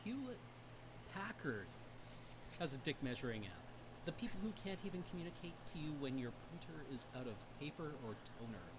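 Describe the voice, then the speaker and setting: A Canadian man riffs jokes as a comedy news co-host. His pitch swings widely, and the video audio carries clear noise. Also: fairly quick. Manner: jokey, animated riffing. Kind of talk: scripted comedy banter.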